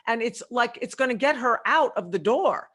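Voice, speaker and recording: A middle-aged leadership consultant talks in a podcast interview at a moderate pace, her voice fairly high. She tells stories with animation, acting out conversations through quoted dialogue.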